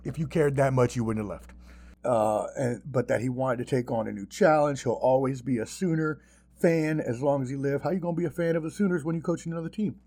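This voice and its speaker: A man hosting a podcast in casual sports chat, animated and profane, with mocking asides. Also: mid-range voice, brisk. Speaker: podcast host.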